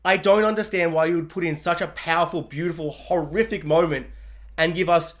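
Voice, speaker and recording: A woman giving a casual, joking spoiler review of a TV episode, animated and quick to act out characters in little voices. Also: on the low side.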